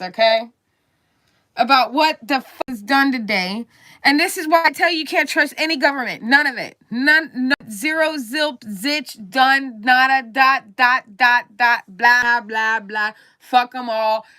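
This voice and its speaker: A woman's voice: a little high, bright, forceful tone. A woman hosting a livestream, ranting about politics in a blunt, heated way and swearing constantly. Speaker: livestream host. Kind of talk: casual profane political rant.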